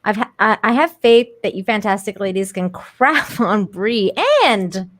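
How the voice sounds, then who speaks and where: A woman co-hosting a livestream podcast, reading viewer messages in a chatty way with quick laughing asides. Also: medium pitch, slight background noise. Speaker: podcast co-host.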